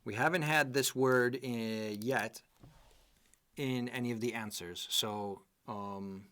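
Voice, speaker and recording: A man's voice: fairly low pitch, a bit bright. A man teaching a live online English exam class, explaining patiently and often checking in with "okay?" and "right?".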